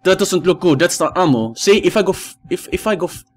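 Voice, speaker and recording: A man's voice: high voice, animated, fairly quick, slight background noise. Jittery man playing a horror game. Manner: panicky, yelps and repeats himself. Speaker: game commentator. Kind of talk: horror game playthrough commentary.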